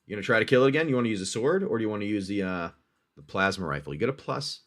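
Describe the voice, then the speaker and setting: A man's voice: lowish voice, expressive, very fast. A man hosting a livestream, narrating a dice-rolled adventure game for a player he calls his friend and reacting to each roll. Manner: chatty, addresses the player as "my friend"; talks through dice rolls, reacts loudly to hits.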